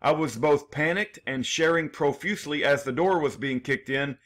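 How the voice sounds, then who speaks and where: A man's voice: a little high, moderate pace, a bit bright. A man reading his own prepared statement in numbered points, earnest and aggrieved, with small restarts. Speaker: defendant telling his case.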